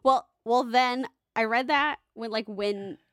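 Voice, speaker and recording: A woman in casual chat reviewing a movie, animated and quick to rant, laughing often. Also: a little high, no room sound, studio quality.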